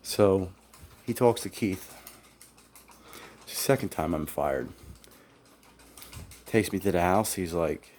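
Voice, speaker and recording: A former employee airs his grievances in a casual first-person account, speaking in a low, slightly mellow voice with a faint hiss or hum. He talks slowly with long pauses, sounding aggrieved, blunt and profane as he quotes what others said to him.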